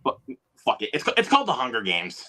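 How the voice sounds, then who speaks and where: A man's voice: mid-range voice, wildly swooping pitch, fast talker, pushed and bright. A young man hosting a live stream, rambling in a laid-back way with lots of fillers. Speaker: streamer host. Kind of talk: casual chat.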